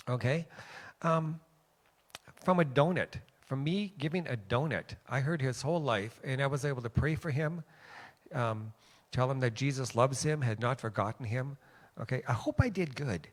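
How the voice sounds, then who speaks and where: A man's voice: medium pitch, vocal fry. A man from Western Canada preaching in a church, telling personal stories in a conversational way and checking in with "okay?". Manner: conversational, animated when quoting others, frequent "okay?". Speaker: guest preacher. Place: church sanctuary.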